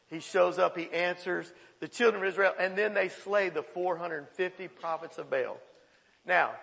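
A male pastor preaching a sermon in a folksy, animated storytelling way, in a church. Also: high-pitched, gravelly, big-room sound.

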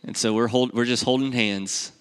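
A pastor delivers a sermon through a personal story, speaking in a conversational, animated way. His voice is bright and forceful, at a middle pitch, and it climbs when he acts out what people said. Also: moderate pace, smooth, soft background music.

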